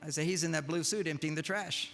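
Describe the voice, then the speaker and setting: An older man gives a humorous lecture to a live audience, animatedly acting out the lines he quotes. He speaks fast in a slightly high voice.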